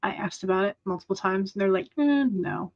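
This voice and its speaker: A woman's voice: medium pitch, completely flat delivery, fast. A young woman hosting a writing livestream, chatting casually with many fillers and small laughs. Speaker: writing sprint livestream host. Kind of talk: casual chat to live viewers. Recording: dull lo-fi sound.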